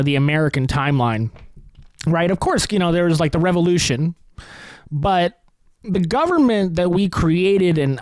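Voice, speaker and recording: A man's voice: on the high side, dry recording. A man hosting a comedy podcast, rambling through a profane topical rant and laughing at his own jokes.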